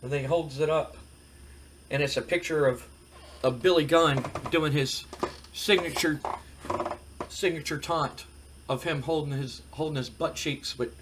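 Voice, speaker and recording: A man's voice: on the high side, fairly even intonation, unhurried, pauses often, background noise. A man hosting a let's-play, casually recapping what happens and slipping into quoted dialogue as he retells it. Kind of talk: casual game commentary.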